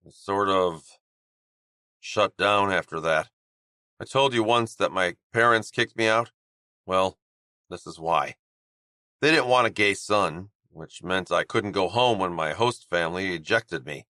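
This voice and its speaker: A man voicing a guarded young male hockey player in an audiobook, speaking quietly and haltingly in a slightly raspy voice. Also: no room sound, studio quality. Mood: bitter. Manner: quiet, low, halting confession. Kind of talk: audiobook character voice.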